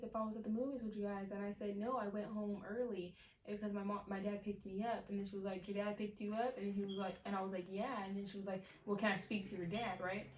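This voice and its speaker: A woman's voice: mid-range voice, roomy sound, distant mic. A teenage girl telling a storytime in a rambling, chatty way, full of fillers. Her voice bounces around a small room and sits a little back from the mic. A faint hiss hangs under it. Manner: chatty, many fillers, laughs often. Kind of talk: casual storytime.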